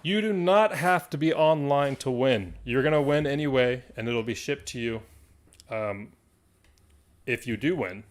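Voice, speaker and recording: A man hosting a live stream from a card shop, talking to viewers in an excitable, rambling way and laughing often. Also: mid-range voice, unhurried. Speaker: livestream host of a card shop.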